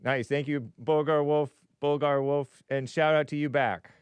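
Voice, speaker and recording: A man's voice: on the high side, fairly even intonation, a little slow, clean tone, dry recording. A man hosting a live call-in stream, musing aloud with frequent chuckles and reading viewer comments.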